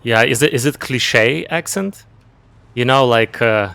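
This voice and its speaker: A man from Ukraine, a game streamer chatting casually with viewers, talking in a halting, measured way as he searches for words. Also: medium pitch, gravelly, sharp tone, clear, resonant tone. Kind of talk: casual chat with stream viewers while gaming.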